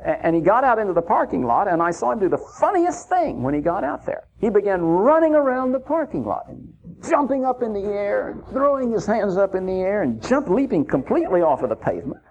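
A man's voice: high voice, sing-song, fairly quick, darkish tone, a little hiss or hum. A man preaching, telling a personal story in a folksy, chuckling anecdotal way. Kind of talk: sermon storytelling. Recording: dull lo-fi recording.

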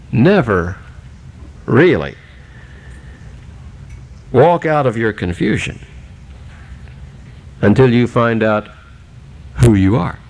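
A man voicing a wise old owl in a told story, giving high hoots and grave advice. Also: gravelly, a little mellow, slightly rough, full character voice.

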